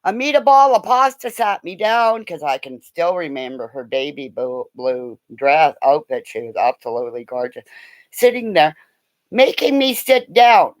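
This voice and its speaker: A woman telling a long, rambling story in a casual way. She laughs often and bursts into loud quoted lines. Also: sits low, animated, moderate pace, no room sound.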